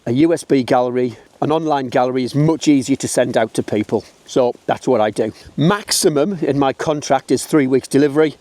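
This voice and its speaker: A man's voice: medium pitch, brisk, hardly any pauses, warm tone, no room sound. A middle-aged man with a British English accent talking bluntly and chattily to camera while walking uphill outdoors, a little out of breath. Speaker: wedding photographer. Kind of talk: casual walking vlog to camera.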